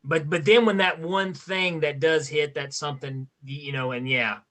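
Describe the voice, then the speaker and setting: A man's voice: fairly high pitch, fairly even intonation, normal speed, a bit bright. A man hosting a casual podcast interview, talking hesitantly with many restarts and fillers. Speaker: podcast host.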